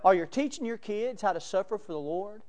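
A man's voice: high voice, lively intonation, fairly quick, darkish tone. A man preaching a sermon, telling folksy stories and laughing between them. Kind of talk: sermon with storytelling.

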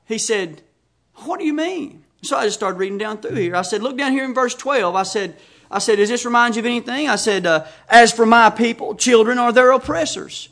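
High-pitched emphatic man preaching. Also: a little fast, a bit bright. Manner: emphatic, reads scripture aloud and tells anecdotes. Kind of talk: sermon.

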